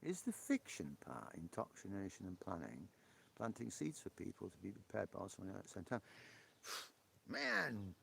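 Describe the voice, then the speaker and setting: Male live stream host, chatty and jokey, laughs a lot, slightly low and rough-edged. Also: wildly swooping pitch, normal speed, fairly bright tone, slight background noise. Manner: chatty, joking, laughs often. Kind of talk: casual chat with viewers. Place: outdoor porch.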